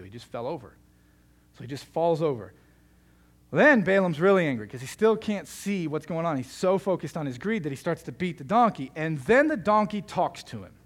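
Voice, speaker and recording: A male pastor preaching a sermon in a conversational, joking storytelling manner. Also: on the high side.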